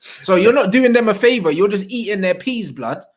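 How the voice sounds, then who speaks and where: A man's voice: high-pitched, animated, moderate pace. A young man, ranting casually about football on a live stream, full of slang and swearing. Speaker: streamer co-host.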